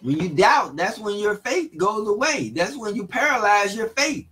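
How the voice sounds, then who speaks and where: A man teaching the Bible in a relaxed, casual way, reading verses and retelling them in everyday speech with frequent chuckles. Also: high-pitched, normal speed, low-quality recording.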